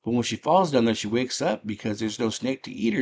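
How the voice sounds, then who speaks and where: A man casually retelling a movie plot in rough slang, breaking into loud put-on voices for the characters. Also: medium pitch, animated, brisk, few pauses. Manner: rough slangy street talk. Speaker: movie chat host.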